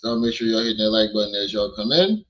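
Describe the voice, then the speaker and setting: Fairly low-pitched and animated, the man speaks quickly as he hosts a laid-back commentary livestream, cracking jokes and cursing while chatting with viewers. The sound through his streaming mic is dull.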